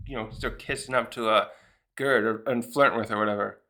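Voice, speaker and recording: A man's voice: lowish voice, fairly even intonation, a little fast, sharp tone. A man casually recapping a comic chapter, rambling with many fillers and restarts and briefly acting out the characters' lines. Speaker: manga reviewer.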